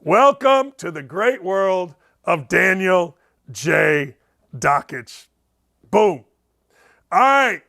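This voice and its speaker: High-voiced, excitable sports talk host. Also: male voice, very slow, vocal fry, pauses often. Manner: excitable, rambling storyteller who repeats himself. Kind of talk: sports talk show storytelling.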